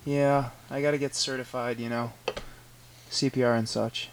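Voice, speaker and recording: A man in casual chat with friends, laid-back and quietly teasing. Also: medium pitch, little pitch movement, moderate pace, noisy background. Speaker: friend in the conversation.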